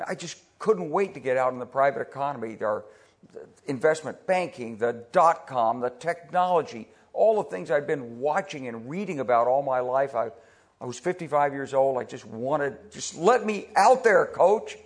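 A retired army officer from the United States, now older, speaks at medium pitch and a moderate pace in a conversational public talk. He tells anecdotes, repeats words when he restarts, and voices the people he quotes with lively impressions.

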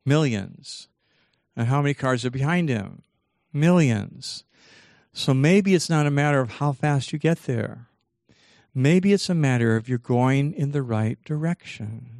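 A man delivers a motivational seminar talk in an animated manner, acting out the voices of his own inner dialogue. His voice sits at a middle pitch and is recorded close and dry, with no room sound. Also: unhurried, gravelly, dry recording. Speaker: motivational speaker.

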